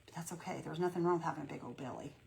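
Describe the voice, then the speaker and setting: A woman's voice: sits low, rapid-fire, gravelly, darkish tone. A woman hosting a live painting demo, chatting in a folksy, encouraging way with her viewers. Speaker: craft tutorial host.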